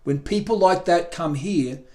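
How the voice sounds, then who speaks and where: A man voicing a calm, wise male cat who speaks in an unhurried, genteel manner, in a storybook reading. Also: on the high side, lightly acted. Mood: serene.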